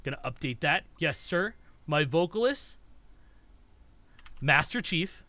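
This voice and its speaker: A young man giving casual gameplay commentary, excitable, laughing often and swearing, breaking into shrieks when something amuses him. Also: on the high side, slow, no echo. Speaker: gaming YouTuber.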